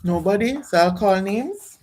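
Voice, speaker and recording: A woman's voice: mid-range voice, lively intonation, a little slow, darkish tone. A woman teaching a nursing class in a classroom, explaining step by step with restarts and calling on students. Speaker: nursing instructor. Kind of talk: classroom lecture on exam questions.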